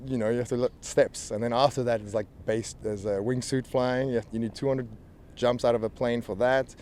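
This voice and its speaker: A man's voice: medium pitch, fairly even intonation, fairly quick, darkish tone. A man from South Africa with a hybrid South African and American accent, talking casually as an interview guest, laughing often and rambling with restarts. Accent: South African mixed with American. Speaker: professional wrestler guest. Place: outdoors near a helicopter. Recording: faint outdoor noise with helicopter.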